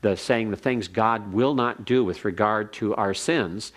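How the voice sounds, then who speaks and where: Guy with a lowish voice teaching a grammar class, slow careful explaining, classroom lecture. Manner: methodical, reads Hebrew slowly for repetition.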